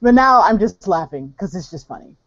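A woman's voice: medium pitch, big pitch swings, brisk, a bit bright, no echo, lo-fi sound. A woman playing a tabletop game online, chatty and giggly. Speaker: player.

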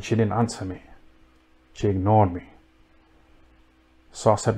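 A man doing a rambling comic monologue, deadpan and crude, mocking people and tacking "innit" and "you know what I mean" onto his lines. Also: lowish voice, unhurried, a little hiss or hum. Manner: deadpan, crude and mocking, full of tag questions. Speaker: comedic livestream host.

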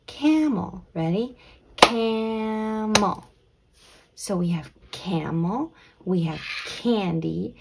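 Young woman, kids' teacher, breathy and slow, gentle, drawn-out, half-whispered asides. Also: on the low side. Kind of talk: children's letter lesson.

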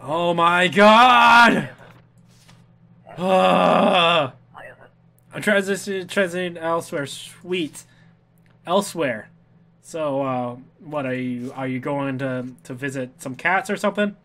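A man's voice: a little high, slow pace, gravelly, pauses often, sharp tone. A man giving casual gameplay commentary as a let's player, goofy and chatty, talking back to the characters and humming to himself. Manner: goofy, talks back to game characters, hums and sings to himself.

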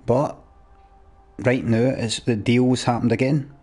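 Man, young, husky voice, casual game stream chatter, sweary and ranty, faint music underneath. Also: medium pitch, steady tone, slow, darkish tone. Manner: sweary, ranting at chat in a mock-exasperated way. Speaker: live-streaming gamer. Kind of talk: casual live-stream chat.

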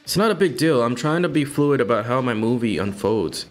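A man's voice: medium pitch, animated, a little fast, soft background music, lightly acted. A man reading a pretentious young party artist. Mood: earnest. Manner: earnest, self-serious.

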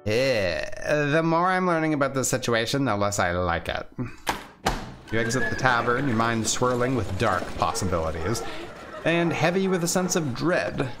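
A man's voice: mid-range voice, expressive, moderate pace, a bit bright, faint music behind. A man reading a visual novel aloud, voicing its characters and stumbling over names with asides. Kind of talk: reading game text aloud with voiced characters.

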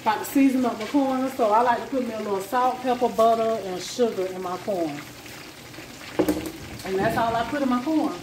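While frying sizzles loudly in her echoey home kitchen, a cooking vlogger chats to her viewers in a casual, folksy way. Her voice is fairly high and her pace normal, with background noise present.

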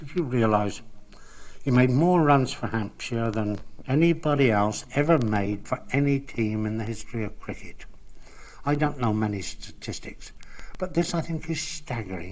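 An older man, telling cricket anecdotes in an unhurried, reminiscing way. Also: mid-range voice, darkish tone, rough recording. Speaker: cricket broadcaster. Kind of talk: reminiscing storytelling.

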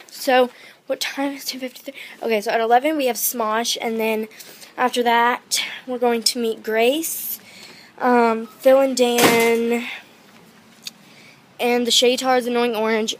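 Giddy high-voiced teenage girl vlogging. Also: a little hiss or hum. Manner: gushing, fast, giddy. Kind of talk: excited casual vlog. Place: convention and car. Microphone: handheld phone.

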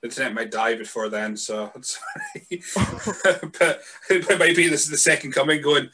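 A Scottish man hosting a podcast, chatting in a relaxed, hesitant way full of fillers. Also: on the high side, moderate pace, breathy edge. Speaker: podcast host. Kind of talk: casual podcast chat.

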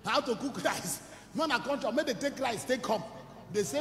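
High-voiced Nigerian evangelist preaching in echoey hall. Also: male voice, animated, a little fast. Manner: shifts between shouting, storytelling and singing, mixing Pidgin and Igbo. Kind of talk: sermon with testimony and sung worship.

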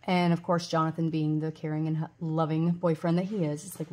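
Lower-voiced woman rambling in a vlog. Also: flat delivery, brisk, few pauses. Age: 40s. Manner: rambling, many ums and restarts; gushes loudly over gifts. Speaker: budgeting vlogger. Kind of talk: casual vlog chat.

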